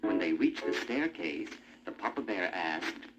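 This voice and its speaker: A man narrates a fairy tale with an animated, rising and falling delivery in a lowish voice. Music plays behind him on a muffled, worn 1970s record. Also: measured pace. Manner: animated, expressive. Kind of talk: storybook narration. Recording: muffled old vinyl with music.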